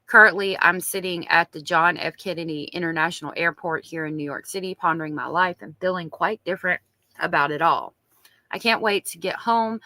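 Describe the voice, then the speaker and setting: A woman's voice: fairly low pitch, fairly quick, sharp tone, no room sound. A woman with a strong Southern accent, reading diary entries aloud on a true crime live stream and chatting with viewers in between. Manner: chatty, reads diary aloud and reacts to chat.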